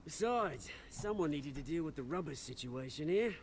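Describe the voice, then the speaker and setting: A man's voice: fairly high pitch, expressive, moderate pace, a little hiss or hum. An actor with a Cockney accent playing a theatrical, scheming middle-aged man in a video game. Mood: cocky. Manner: theatrical, showy, possessive. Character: theatrical scheming middle-aged man, old friend turned gang leader.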